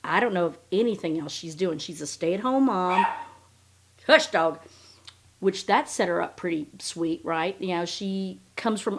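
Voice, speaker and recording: A woman's voice: medium pitch, expressive, normal speed. Blunt, profane woman ranting on a podcast. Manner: blunt, sarcastic and heavily profane. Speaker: podcast host. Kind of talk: casual ranting podcast commentary.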